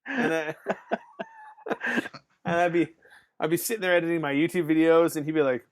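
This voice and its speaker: A man with a slightly high voice hosts a podcast in loose casual chat. He rambles through stories, leans on fillers and keeps breaking into laughs. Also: brisk, pauses often. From Canada. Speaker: podcast host.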